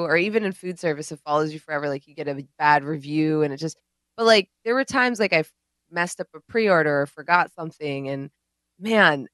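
A woman's voice: low voice, fairly bright tone, clear, resonant tone, no room sound. A woman co-hosting a podcast in casual chat, telling stories animatedly and mimicking the people in them. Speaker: podcast co-host.

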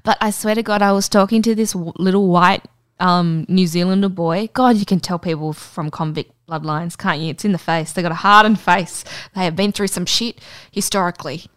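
A woman's voice: on the low side, a little fast, few pauses. A young adult woman with an Australian accent, co-hosting a podcast in casual chat, telling stories bluntly with plenty of swearing. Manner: blunt, sweary, animated storyteller. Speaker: podcast co-host.

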